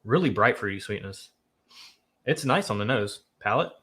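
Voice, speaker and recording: A man's voice: lowish voice, lively intonation, moderate pace, pushed and bright. A man from Nashville, co-hosting a charity livestream in earnest, emphatic casual chat. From Nashville, Tennessee. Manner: earnest, emphatic, reads donor comments aloud. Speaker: livestream co-host.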